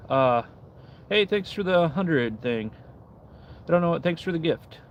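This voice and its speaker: A man's voice: fairly high pitch, animated, a little slow, dull audio, a little hiss or hum. A man casually chatting on a livestream outdoors in the cold, reading out and answering chat messages. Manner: laid-back, reads and answers chat while carving. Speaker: livestream host.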